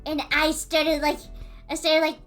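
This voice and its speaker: A woman streamer tells a story in a lively, rambling way, full of fillers and quick bursts of laughter. Her voice sits high and sounds bright and sharp. Soft music plays faintly underneath. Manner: animated, filler-heavy, laughing retelling. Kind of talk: casual storytelling.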